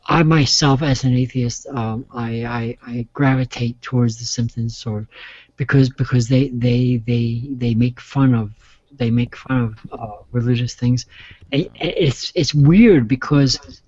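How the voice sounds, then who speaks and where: A man's voice: medium pitch, a little slow, a little mellow, no echo, lo-fi sound. A drunk man rambling in casual chat, stammering, repeating himself and swearing.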